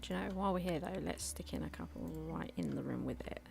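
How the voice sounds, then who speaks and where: A woman's voice: low-pitched, fast talker, gravelly, over music. A young woman streaming a game, chatting casually at her microphone and laughing often, while she has hiccups. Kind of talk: casual live-stream chat while gaming. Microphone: desk microphone.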